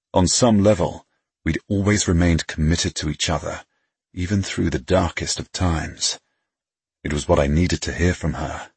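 A man narrating a first-person audiobook, reading in an intimate, unhurried way. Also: deep voice, gravelly, breathy edge, dry recording.

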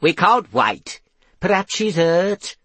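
A man's voice: very animated, slow, a bit bright, breathy edge, dry recording, heavily acted. A man voicing a frantic, fussy mother who wails shrilly over her missing child. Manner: wailing, shrill.

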